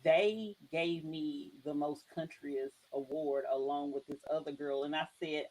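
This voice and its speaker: A Southern-accented woman chatting on a podcast, her voice sitting a little low. She stops and restarts often and drags out her words as she thinks aloud. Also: animated, darkish tone, a little hiss or hum, poor audio. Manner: halting, restarts, drawn-out words. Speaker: podcast co-host. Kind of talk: casual chat.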